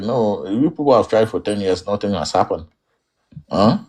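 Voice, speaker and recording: A man's voice: on the low side, lively intonation, moderate pace, darkish tone. A man from Cameroon with a Cameroonian English accent, a guest in an online interview, speaking emphatically and switching into pidgin.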